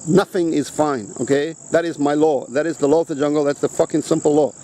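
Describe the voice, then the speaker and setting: A man with a high-pitched yet mellow voice vents outdoors at full tilt. He swears in nearly every phrase, stacks up blunt lists and keeps pressing the listener with "okay?" between points. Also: fairly even intonation, fairly quick, a little hiss or hum. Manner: profane, blunt and emphatic, swears constantly; repetitive, hammering points with "okay?". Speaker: vlogger. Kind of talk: outdoor rant to camera. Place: outdoors on a rock at sunset.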